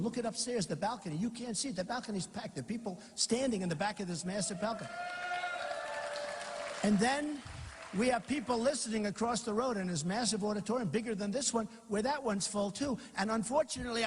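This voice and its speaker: A man in his sixties, his voice sitting high, gives a rambling speech as a political candidate at a campaign rally. He reads aloud, then riffs with asides. The packed large auditorium with a balcony gives the recording a long reverb.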